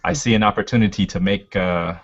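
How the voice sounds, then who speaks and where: Man, very deep voice, tabletop player, hesitant, lo-fi sound. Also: brisk, soft background music. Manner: hesitant, full of uhs. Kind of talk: in-character tabletop play. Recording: lo-fi audio.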